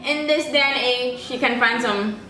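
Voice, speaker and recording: A woman's voice: fairly high pitch, normal speed, roomy sound, loud music behind the voice, poor audio. A young woman co-hosting a reaction video, giggly and easily amused. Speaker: co-host reacting to clips. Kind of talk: casual reaction chat.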